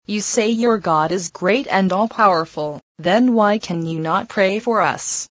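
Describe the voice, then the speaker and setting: Gruff ship steersman, read by a woman. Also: mid-range voice, measured pace, no echo, lightly acted. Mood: exasperated.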